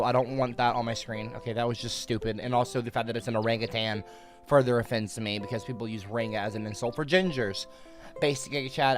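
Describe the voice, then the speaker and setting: A woman livestreamer reading donation messages in casual chat, swinging from dry muttering to shrieking outbursts. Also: rumbling low.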